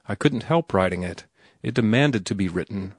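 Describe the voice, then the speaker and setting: A man's voice: on the low side, lively intonation, normal speed, no echo, studio quality. A man voicing an earnest, headstrong young male writer in an audiobook, blunt and insistent. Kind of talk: audiobook character reading.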